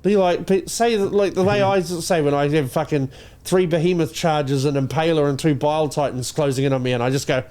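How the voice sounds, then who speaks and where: Comedy podcast co-host, male, from New Zealand, brash and crude, swears constantly, high-ish voice. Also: fairly even intonation, brisk, darkish tone. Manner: profane, ranting, slips into mock voices.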